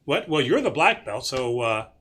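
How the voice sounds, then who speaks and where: A man's voice: mid-range voice, very animated, normal speed, a bit bright, breathy edge. A man hosting a church question-and-answer livestream as its priest, talking casually with many fillers and restarts. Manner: rambling, lots of fillers and restarts.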